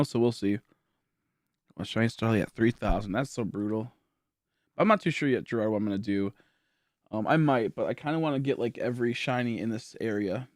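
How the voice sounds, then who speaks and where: Streaming games from home, a weary young man rambles to his viewers in casual livestream chat, thinking out loud and packing his talk with fillers. His voice is lowish, and the dry recording sounds clean, like a studio.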